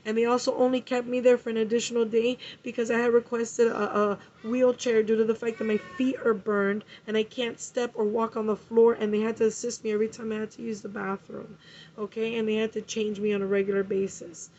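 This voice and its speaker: A woman's voice: on the high side, little pitch movement, a little fast, darkish tone, slight background noise. A woman telling an angry story in a vlog, swearing and repeating herself as she vents. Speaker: vlogger. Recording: muffled lo-fi recording.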